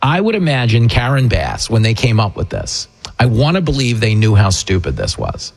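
Man, middle-aged, radio talk host, sarcastic, mocking, slightly husky. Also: mid-range voice, wildly swooping pitch. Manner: mocking, rapid asides with mimicked voices. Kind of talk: sarcastic political radio commentary.

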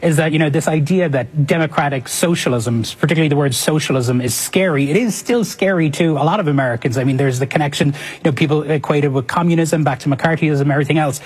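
A man reporter answering questions in a cable news interview, measured and analytical. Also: fairly high pitch, slightly rough, rough recording. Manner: measured, analytical, hesitant fillers.

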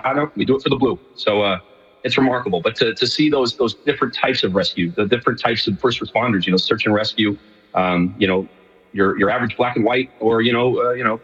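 A man's voice: fairly low pitch, a bit bright, slightly rough. A middle-aged man from New York, a guest on a radio interview, talking casually with lots of fillers and restarts. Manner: rambling, many fillers and restarts. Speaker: guest, show co-host. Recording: distant remote line with long reverb, dull.

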